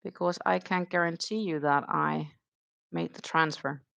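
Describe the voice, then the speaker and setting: A woman's voice: fairly low pitch, steady tone, measured pace, gravelly, fairly bright tone, no echo. A woman hosting a casual crochet stream, chatting and thinking aloud with dry sarcasm and a Danish accent. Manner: chatty, dryly sarcastic, thinks aloud while counting stitches. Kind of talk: casual chat while crocheting.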